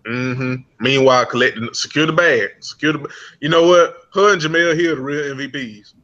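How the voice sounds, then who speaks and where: A man's voice: fairly high pitch, fairly quick, pushed and bright, dull audio. A man casually recapping a reality show, rambling and profane, laughing often. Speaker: podcast co-host.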